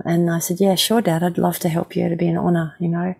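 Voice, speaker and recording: A woman who works as a mediator, gently and reflectively telling a personal story in an interview. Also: on the low side, little pitch movement, fast talker, creaky, hardly any pauses, slightly rough.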